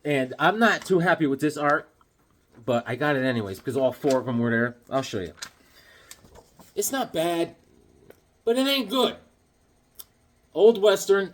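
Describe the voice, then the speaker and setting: Animated high-voiced man telling stories. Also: moderate pace, pauses often. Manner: animated, acts out voices and yelps mid-story. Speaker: comic collector vlogger. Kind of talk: casual storytelling while showing comics.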